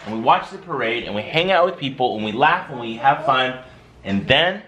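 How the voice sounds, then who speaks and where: A man's voice: mid-range voice, animated, brisk, pushed and bright, low-quality recording. A man in his thirties, a father chatting upbeat and direct to viewers in a casual family vlog. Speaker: vlogger and father.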